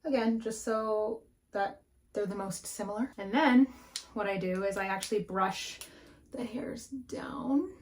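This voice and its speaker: A woman's voice: medium pitch, normal speed. Chatty young woman doing a makeup tutorial. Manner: chatty, frank and swears casually. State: breathing heavily. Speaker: beauty vlogger. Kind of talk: casual makeup tutorial chat.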